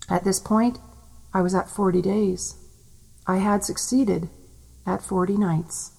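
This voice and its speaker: A woman leading a channeled guided meditation, speaking slow, incantatory verse with old-fashioned phrasing in a soft, intimate way. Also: medium pitch, steady tone, gravelly, husky, poor audio. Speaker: spiritual teacher.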